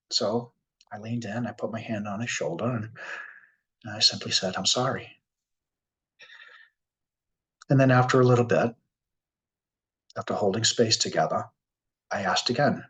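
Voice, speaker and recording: A man with a Boston accent speaks at a workshop in an earnest, heartfelt way. He slows down and pauses between phrases as he tells his story. His pitch sits in an ordinary middle range. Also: poor audio. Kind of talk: reflective keynote talk with storytelling.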